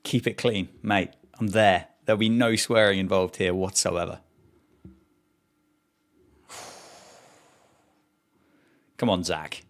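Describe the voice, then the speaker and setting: Speaking slowly with long pauses, a low-pitched man keeps his intonation fairly even. He's hosting a cricket watchalong livestream, chatting easily, reading out messages from viewers and responding to the action.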